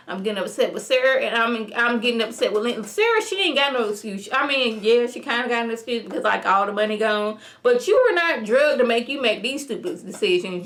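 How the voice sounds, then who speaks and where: A woman vlogger casually recapping a TV episode, chatty and animated, acting out the characters' lines with lots of "like" fillers. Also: fairly high pitch. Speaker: TV review vlogger.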